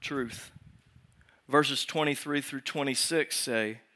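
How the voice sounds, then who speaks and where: A man preaching a sermon as pastor, posing rhetorical questions to the congregation and swinging from raised emphasis to hushed, slow lines. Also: mid-range voice.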